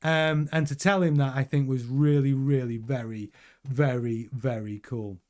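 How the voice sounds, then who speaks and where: A man's voice: mid-range voice, fairly even intonation, measured pace, a little mellow. A man hosting a casual news commentary show, chatty and rambling with many restarts and fillers.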